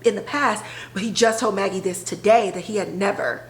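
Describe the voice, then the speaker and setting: A woman podcast host retelling a TV episode in a casual, animated way, full of filler words. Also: mid-range voice, fairly quick, echoey room, rough recording. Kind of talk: casual storytelling recap.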